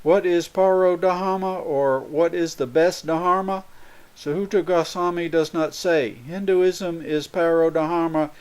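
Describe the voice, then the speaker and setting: A man's voice: fairly high pitch, fairly even intonation, measured pace, a little mellow, smooth. A man giving a sermon, earnestly explaining spiritual points through everyday examples. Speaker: spiritual speaker.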